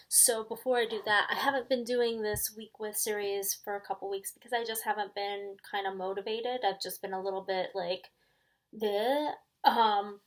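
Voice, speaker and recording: A woman's voice: medium pitch, low-quality recording. A middle-aged woman from New York with a New York accent, hosting her tarot channel in casual, rambling chat full of ums and likes.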